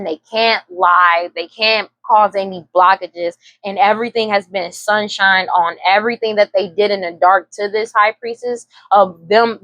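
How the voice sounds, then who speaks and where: A woman's voice: mid-range voice, dry recording, rough recording. A woman giving a casual tarot reading, rambling and repeating herself, now and then breaking into laughter. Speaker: tarot reader.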